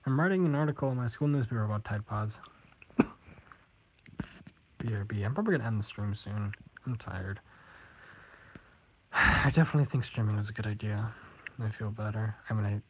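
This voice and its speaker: A teenage boy streams live, chatting casually with viewers and reading comments, rambling and giggling often. His voice sits low and husky, brisk yet full of pauses, in a rough recording.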